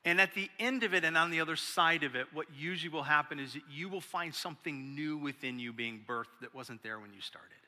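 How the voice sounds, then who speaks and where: A middle-aged man, a pastor, telling a story in a sermon and acting out other people's lines with lively energy. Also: on the high side, fairly quick, hardly any pauses. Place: church hall. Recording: long hall reverb.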